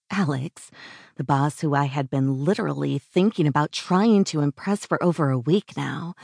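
A woman narrating a first-person audiobook in a slow, measured way, sometimes dropping into a hushed whisper. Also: deep voice, creaky, breathy edge, no room sound, clean studio sound.

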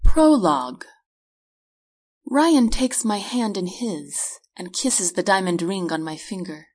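Husky woman narrating an audiobook. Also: medium pitch, expressive, darkish tone. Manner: measured storytelling read. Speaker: author reading her own novel. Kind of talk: first-person audiobook narration.

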